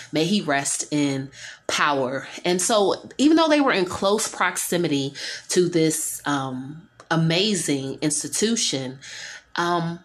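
A woman in her forties with a low, deep-set voice hosts her own show. She muses aloud and tells personal stories in a reflective way, stopping often for ums and small restarts. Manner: musing, warm-hearted storytelling with frequent ums. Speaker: host. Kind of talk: reflective solo podcast talk.

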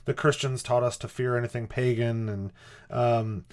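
A man's voice: mid-range voice, flat delivery, moderate pace. A man co-hosting a podcast in casual chat, rambling and hesitant with wry asides. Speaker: podcast co-host.

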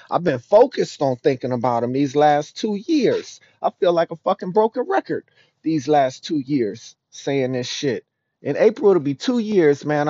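A man giving a raw, rambling, profane confessional monologue as a podcast host, often dropping to a low murmur. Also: darkish tone, no echo. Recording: dull dry lo-fi recording.

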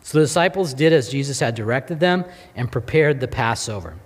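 An earnest man preaching a sermon, reading scripture before turning to rhetorical questions. His voice sits in a middle pitch and often drops low at the ends of phrases. A long reverb trails behind him, like a large hall. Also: lively intonation, brisk.

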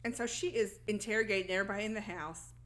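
A woman's voice: mid-range voice, steady tone, quick pace, fairly bright tone. A woman co-hosting a casual podcast, retelling a film's plot and laughing often as she goes. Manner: laughs often, acts out lines while retelling. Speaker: podcast co-host. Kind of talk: casual plot recap chat.

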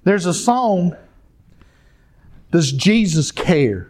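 Preacher with a lively, swooping voice. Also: male voice, sits high, extremely slow. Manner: storytelling, addresses the congregation directly. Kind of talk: sermon.

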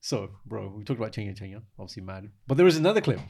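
A man's voice: sing-song, rapid-fire, gravelly, a little mellow, husky. A man from the United Kingdom with a London accent, co-hosting a casual podcast and telling stories playfully. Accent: London English. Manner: playful storyteller, drops to a low murmur. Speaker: podcast co-host.

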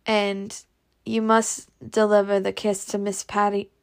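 A woman voicing a calm, kindly Southern gentleman near seventy, soft and reassuring in manner. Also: medium pitch, a little slow, close to an everyday voice.

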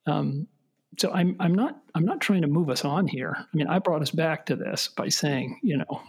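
Middle-aged dude hosting a podcast, husky voice, a bit high, keeps restarting his sentences, dry jokes. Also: lively intonation. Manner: halting, self-correcting, wry. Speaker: podcast host. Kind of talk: casual podcast chat.

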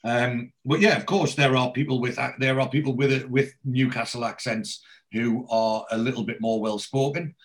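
A man's voice: mid-range voice, fairly even intonation, moderate pace. A man hosting a podcast, casually retelling scenes and quoting lines, with frequent restarts. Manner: storytelling, reads out quotes, many restarts. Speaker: podcast host. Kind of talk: casual episode recap.

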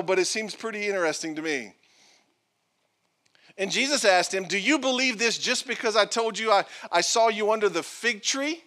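A man's voice: high-pitched, expressive, normal speed, sharp tone. A male pastor preaching a sermon, reading scripture aloud with playful asides and acted-out quotes.

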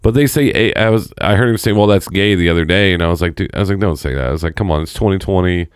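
A man's voice: sits low, racing, smooth, dry recording, clean studio sound. A man in his thirties on a casual podcast, telling stories and acting out quotes. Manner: storytelling, acts out quotes. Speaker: podcast co-host.

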